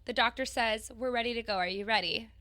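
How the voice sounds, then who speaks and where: A young woman co-hosting a podcast, telling a personal story in an animated, emotional way and swearing casually. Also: fairly high pitch, fast talker. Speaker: podcast co-host.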